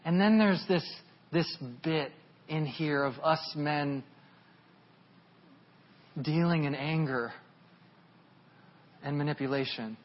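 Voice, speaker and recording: A man in his thirties preaching a sermon. His husky, rather high voice tells a personal story in an earnest, confessional way. The recording sounds dull and lo-fi. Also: slow pace, pauses often. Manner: earnest, confessional, swells louder and higher at emotional peaks.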